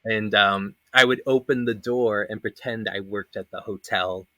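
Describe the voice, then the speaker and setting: A man's voice: on the low side, steady tone, normal speed, sharp tone, no room sound. A man in his thirties hosting a casual panel chat, telling rambling stories with lots of fillers and frequent laughter. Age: 30s. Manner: laughs often, rambling anecdotes with many fillers. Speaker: panel host.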